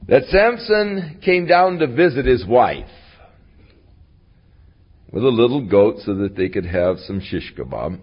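A man's voice: medium pitch, expressive, a little slow, pauses often, slightly rough, lo-fi sound. A man teaching a Bible lesson as a folksy, conversational retelling. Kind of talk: casual Bible lesson storytelling.

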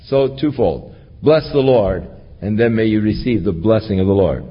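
A man's voice: lowish voice, moderate pace, husky, big-room sound, highs cut off. A man preaching an expository sermon, reading scripture aloud and then explaining it verse by verse. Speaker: pastor.

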